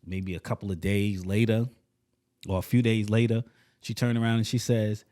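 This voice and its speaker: A man's voice: on the low side, flat delivery, normal speed, mellow. A man co-hosting a casual podcast, telling emphatic stories and acting out the dialogue. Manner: emphatic storyteller, acts out dialogue. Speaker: podcast co-host.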